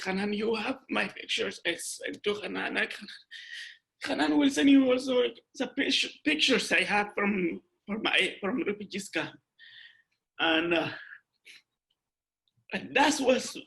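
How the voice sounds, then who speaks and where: Emotional gravelly young man, halting testimony. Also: sits high, bright, forceful tone. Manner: halting, emotional, many restarts. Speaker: guest speaker. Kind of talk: personal testimony on a video call. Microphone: video call.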